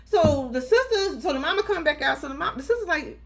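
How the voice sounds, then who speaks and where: Brisk and high-voiced, this woman recaps a reality TV episode with sassy, profane flair, doing impressions of the people on the show. The recording carries a little hiss or hum, and her storytelling is lively and casual.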